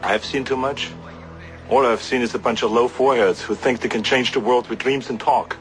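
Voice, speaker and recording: An actor playing a scornful older rebel leader in a film clip, blunt and contemptuous. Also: male voice, mid-range voice, fairly even intonation, brisk, soft background music, lightly acted.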